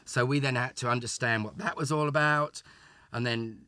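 A man's voice: medium pitch, steady tone, moderate pace, sharp tone, clean tone, no echo. An older man from England, a guest in a casual interview, reminiscing in a chatty way with many restarts. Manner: chatty, repeats and restarts words. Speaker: interview guest, former child show actor.

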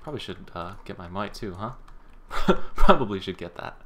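A man streaming a game, chatting casually with friends and calling out raid phases with joking excitement. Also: low voice, normal speed. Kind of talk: casual gaming stream chat.

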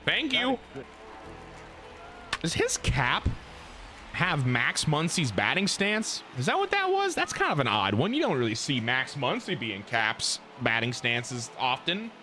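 A man giving live gameplay commentary, excitable and full of profane trash talk. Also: fairly high pitch, measured pace, faint music behind. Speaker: gaming YouTuber.

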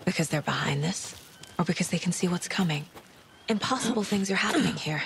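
An actress playing a sharp, determined investigator, speaking in a brisk, analytical way in video game dialogue. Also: female voice, on the low side, a little hiss or hum, natural voice. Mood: focused.

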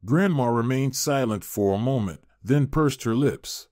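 A man narrating a fairy-tale story in a measured, expressive way. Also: mid-range voice, no room sound, studio quality.

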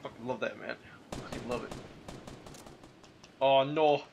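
A young man giving casual, rambling gameplay commentary, full of profanity and sudden yelling outbursts. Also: medium pitch, fairly even intonation, measured pace, vocal fry, a little hiss or hum. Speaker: gaming video host.

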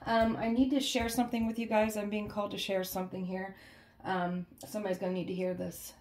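A woman's voice: medium pitch, flat delivery, a little fast, a little mellow, echoey room. A woman giving a casual tarot reading to her viewers, chatty and emotionally shaken, often ending her phrases with "okay?" and "guys". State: emotionally shaken, holding back tears. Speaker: tarot reader. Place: indoors at home, with a cat nearby.

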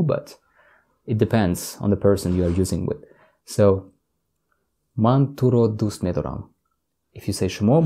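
In a mellow, fairly low voice, a Tajik-accented man from the north of Tajikistan teaches vocabulary in an informal lesson. He takes his time, offers examples, and says every word more than once.

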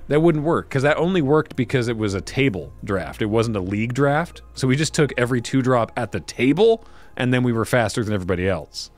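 Lively wry man reviewing cards. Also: on the low side. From Canada. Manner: lively, wry, reads card text aloud then riffs. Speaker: host opening card packs. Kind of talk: casual card review commentary.

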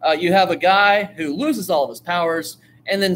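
Guy teaching a writing class, kinda high voice, lively, quizzes the room, faint hiss behind. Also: normal speed, few pauses. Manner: animated, asks the class questions, acts out quotes. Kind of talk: lively classroom talk on storytelling.

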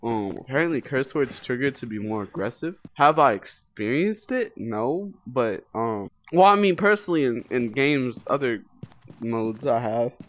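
Young trash-talking gamer, lively voice. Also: mid-range voice, a little slow. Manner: taunting, profane, trash-talking the ghost; jumpy, easily startled. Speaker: gamer playing a VR horror game. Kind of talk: let's-play commentary.

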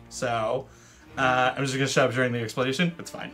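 A man's voice: mid-range voice, brisk, fairly bright tone, faint music behind. A man hosting a casual board game stream, explaining the rules in a rambling, easygoing way. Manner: rambling, restarts often, laughs along.

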